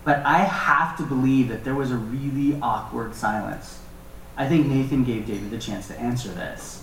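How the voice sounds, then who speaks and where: A man teaching a Bible passage in a relaxed, conversational way with joking asides. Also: mid-range voice, normal speed, a little hiss or hum. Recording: echoey room from far off.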